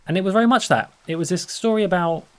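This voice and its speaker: A man's voice: sits high, quick pace, clear, resonant tone. Rambling man telling a travel story. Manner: chatty, laughs often, many restarts. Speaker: channel host. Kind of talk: rambling casual storytelling over gameplay.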